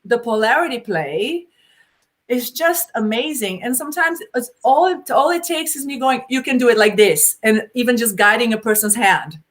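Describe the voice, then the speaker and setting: A woman's voice: on the high side, normal speed. A middle-aged woman, a BDSM educator, talking in an informal Q&A, telling stories animatedly and acting out quotes with laughter. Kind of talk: informal Q&A discussion.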